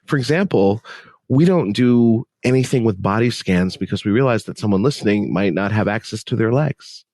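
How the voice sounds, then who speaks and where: Upbeat man, low dry voice. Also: animated, moderate pace, a little mellow, no room sound. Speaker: podcast guest, mental health speaker. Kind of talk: conversational interview.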